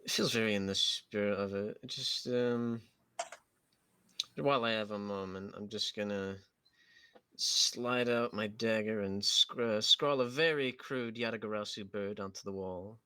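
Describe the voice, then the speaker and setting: A man's voice: lowish voice, measured pace, sharp tone, clean tone. A man playing a tabletop game, talking hesitantly and sighing while in character.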